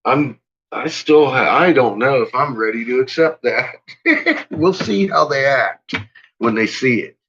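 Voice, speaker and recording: A livestream host rants to his viewers, swearing in frustration as he rambles slowly through a casual stream. His mid-range voice is expressive and a bit bright. The lo-fi recording sounds dull, with faint noise.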